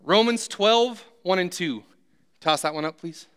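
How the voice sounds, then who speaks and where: A man's voice: high-pitched, unhurried, a bit bright, clear, resonant tone. A man preaching a sermon who tells humorous, self-deprecating stories. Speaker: pastor.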